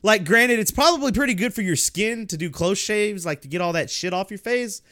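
A man's voice: high voice, brisk, a bit bright, dry recording, clean studio sound. A young man telling a story in casual chat, laughing often and swearing freely, talking into a desk mic on a call. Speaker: podcast co-host.

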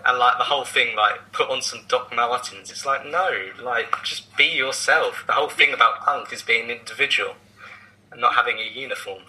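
A young man from a band chatting on a podcast, his voice very bright. He talks loosely, leaning on "like" as he makes his point. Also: mid-range voice, moderate pace, poor audio. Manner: casual, filler-heavy "like". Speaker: band member and podcast co-host. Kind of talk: casual podcast chat.

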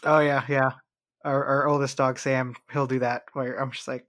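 A man's voice: medium pitch, flat delivery, normal speed, fairly bright tone. A man chatting casually about his dogs, asking the others questions. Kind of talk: casual chat.

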